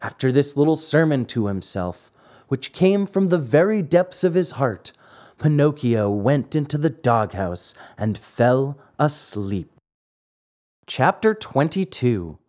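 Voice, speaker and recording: A man reading a classic fairy tale aloud as host, measured and expressive. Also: mid-range voice. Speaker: host and reader. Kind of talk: storybook narration.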